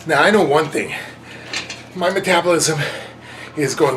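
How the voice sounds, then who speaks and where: A man's voice: a little high, lively intonation, a little slow, background noise. A man vlogging his own workout in a casual, self-mocking way, counting reps aloud and out of breath. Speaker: fitness vlogger.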